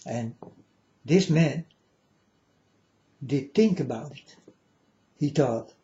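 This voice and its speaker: On lo-fi audio, a man draws out his words in a mellow, expressive mid-range voice. He addresses viewers as folks in a preachy, repetitive, rambling spiritual monologue in non-standard English.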